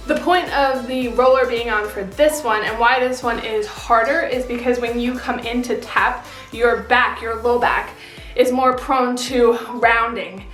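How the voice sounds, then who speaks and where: A woman's voice: on the high side, a bit bright. Chatty woman coaching through a workout. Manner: chatty, talks while straining through an exercise. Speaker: fitness vlogger. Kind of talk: casual exercise demonstration. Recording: echoey room with music behind.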